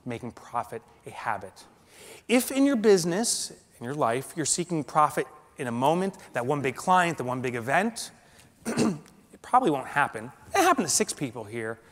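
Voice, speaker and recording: A male keynote speaker telling a dramatic personal story to a live audience, swinging from loud and animated to hushed and slow. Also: medium pitch. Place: large conference hall. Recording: long hall reverb.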